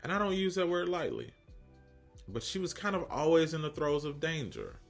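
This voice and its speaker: A shrill, imperious little fashion designer of an older woman, put on by a man, bossy and exasperated. The voice leaps high above his own and pushes back from the mic, all clipped scolding. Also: big pitch swings, normal speed, vocal fry, faint music behind.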